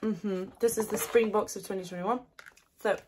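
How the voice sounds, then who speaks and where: A woman's voice: mid-range voice, steady tone, moderate pace, dark tone. Brief: bubbly woman taste-testing at home, laughs easily and gushes, faint hiss behind her. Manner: bubbly, giggly and gushing, often laughing. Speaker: snack taster and ASMR creator. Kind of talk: casual chat tasting snacks. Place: her new house, indoors. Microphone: not her usual ASMR mic.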